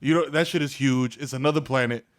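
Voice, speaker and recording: A man in his thirties with a New York accent, a podcast co-host riffing and joking in casual banter. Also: medium pitch. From the Bronx, New York. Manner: quick riffing, laughs often.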